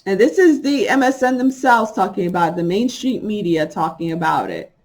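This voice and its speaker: A woman's voice: mid-range voice, very animated, darkish tone. Middle-aged woman ranting to her viewers, punchy and worked up, laughs here and there. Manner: emphatic, indignant, quick bursts with laughs. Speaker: spiritual vlogger. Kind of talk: casual monologue to viewers.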